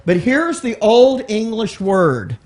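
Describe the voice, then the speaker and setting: Texan guy with a high voice teaching bible class, chatty, keeps asking the room stuff. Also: sing-song, slow, a little mellow. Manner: conversational, explains word by word, asks the room questions.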